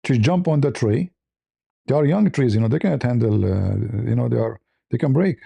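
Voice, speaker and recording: A man's voice: expressive, fairly quick, gravelly, warm tone, breathy edge, no room sound. A man hosting a casual talk show, rambling through a story with many restarts and fillers. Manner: rambling, many restarts and fillers, squeaky voices when quoting. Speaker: host.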